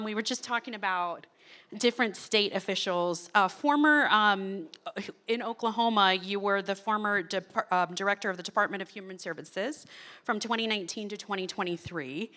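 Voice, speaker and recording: Woman moderator on a conference stage, bright clear voice, chatty, lots of ums. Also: mid-range voice. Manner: chatty with frequent ums and small laughs. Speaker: panel moderator. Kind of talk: panel moderation. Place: conference stage before an audience.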